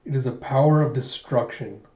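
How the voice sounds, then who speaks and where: A man reading aloud as a sad, wary young warrior who thinks he is cursed, in a slow, heavy way, on a dull, roomy home recording. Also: mid-range voice, warm tone, close to an everyday voice. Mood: grim.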